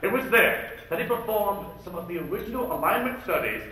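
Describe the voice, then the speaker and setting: High, bright-voiced comic emcee in a hall. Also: male voice, animated, a little hiss or hum. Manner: rapid-fire jokes and impressions, jumping in and out of voices. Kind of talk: comic impressionist emcee routine. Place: luncheon event hall. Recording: echoey hall, far from the mic.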